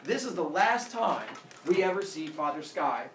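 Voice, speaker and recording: A male teacher tells a myth to his class in a playful, animated way, with a lively voice. He is recorded from a distance in an echoey classroom with faint background hum. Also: a little high, normal speed. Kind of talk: storytelling to a class. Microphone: far camera. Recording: echoey classroom, camera far off.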